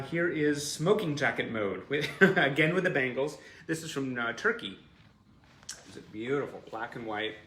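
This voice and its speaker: A man's voice: medium pitch, a bit bright, slight background noise. Guy rambling playfully on a fan livestream, lots of ums, roomy sound. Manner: chatty, playful, with frequent fillers and asides. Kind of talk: casual livestream commentary on photos.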